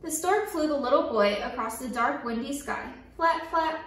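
Woman story-time reader, high voice, playful and animated, in an echoey room a little off the mic. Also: moderate pace, recorded from a distance. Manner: lively, playful sound effects and call-and-response. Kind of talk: reading a picture book aloud to children.

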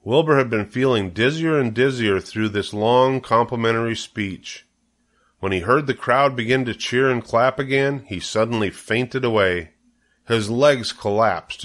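An older man reading a children's novel aloud in a steady, gentle read-aloud manner. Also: medium pitch, measured pace. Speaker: storybook reader.

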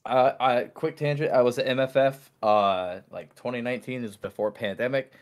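A man's voice: mid-range voice, normal speed. A man co-hosting a casual podcast, rambling through a story with lots of fillers and restarts. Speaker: podcast co-host.

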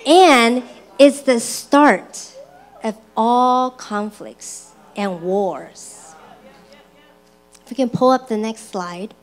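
A woman preaching a sermon in a church, slow and deliberate, who acts out her own excited and angry voice in personal stories. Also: a little high.

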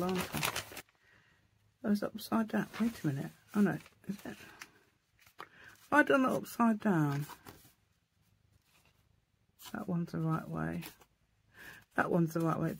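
A woman's voice: lowish voice, vocal fry, a little hiss or hum. A woman hosting a casual crafting tutorial, thinking aloud as she works and often correcting herself. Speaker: craft channel host.

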